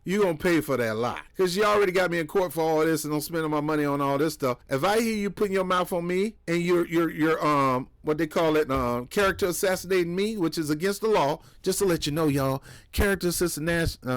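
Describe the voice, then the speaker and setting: Give me a heated, trash-talking man, slightly high voice, recorded dry and close. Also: no echo. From New York. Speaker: political commentator. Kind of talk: casual reaction commentary.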